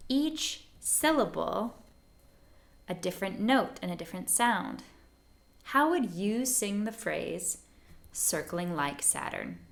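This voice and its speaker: Casting: female songwriting teacher, unhurried and clear, bright tone, gently sings examples. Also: mid-range voice. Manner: patient and encouraging, sings short phrases to demonstrate. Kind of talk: gentle step-by-step lesson for learners.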